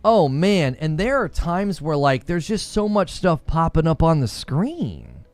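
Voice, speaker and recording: Animated laughing male streamer. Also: a little high, a little slow, no echo, soft background music. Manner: animated, laughs often, acts out mock dialogue. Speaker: gaming streamer. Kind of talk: live stream chat reacting to viewers.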